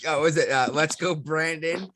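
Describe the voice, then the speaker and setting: A man's voice: fairly high pitch, moderate pace, fairly bright tone, slight background noise. A man co-hosting a casual podcast, joking and laughing often as he banters. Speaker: podcast co-host.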